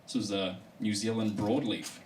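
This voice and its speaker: A man's voice: on the low side, moderate pace. A male comedian telling a story in a live stand-up comedy set. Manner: storytelling, animated delivery. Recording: distant mic with live room noise.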